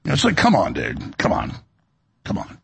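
A man hosting a talk show, delivering a heated political commentary monologue in a ranting style with stammering restarts and a raspy, gravelly voice. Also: rumbling low, wildly swooping pitch, normal speed, fairly bright tone.

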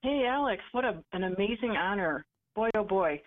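A woman's voice: medium pitch, expressive, normal speed. A woman calling in to a radio talk show, chatting eagerly with many fillers and restarts. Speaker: caller. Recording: tinny phone line.

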